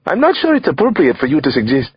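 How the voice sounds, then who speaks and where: A man's voice: a little high, huge pitch swings, quick pace, slightly rough, no echo, lo-fi sound, pitched above the performer's own voice, full character voice. Man voicing a proud young Nigerian man. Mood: indignant.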